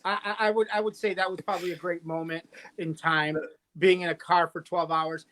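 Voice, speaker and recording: A man's voice: sits high, level tone, a little fast, fairly bright tone. A man calling in over a video call for a casual chat, telling joking stories with lots of restarts. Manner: joking, rambling storyteller with many restarts. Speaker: guest friend calling in.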